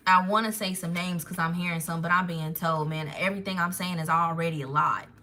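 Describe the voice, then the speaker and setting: A woman leads a live spiritual tarot reading with a bright, forceful voice. She talks in an animated, rambling way and gets emotional, often stopping to follow a new thought. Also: on the low side, a little fast. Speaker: tarot reader.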